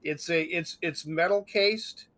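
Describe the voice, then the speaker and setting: A man chatting casually during a game stream, halting and restarting his sentences. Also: fairly high pitch, fairly bright tone. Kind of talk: casual chat while gaming.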